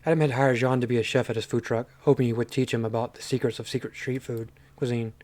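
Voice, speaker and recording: A man's voice: medium pitch, steady tone, fast talker, darkish tone. A man reading a story game aloud and commenting on it with amused asides. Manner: amused, reads with chuckles and asides. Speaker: gaming channel host.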